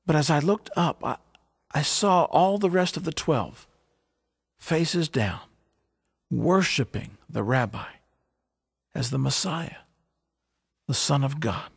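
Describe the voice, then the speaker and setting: Guy playing a fisherman disciple telling his story, kinda gravelly, husky, stumbles over words in awe, dry close sound. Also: fairly high pitch, lively intonation, no room sound. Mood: earnest, wondering. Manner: halting, stammers with wonder. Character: fisherman disciple recalling his teacher, earnest. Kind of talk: dramatic first-person storytelling.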